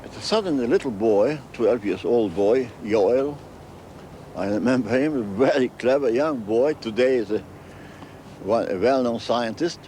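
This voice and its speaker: Older male interviewee, halting second-language English, repeats himself, faint street noise behind. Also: mid-range voice, lively intonation, warm tone. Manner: halting, repeats phrases, non-native English grammar. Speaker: interviewee recounting memories. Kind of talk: storytelling interview.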